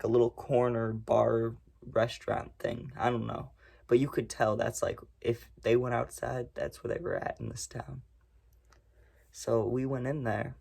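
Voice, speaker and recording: A man's voice: mid-range voice, vocal fry. A young man casually telling a rambling, profane story to his viewers. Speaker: storytime vlogger.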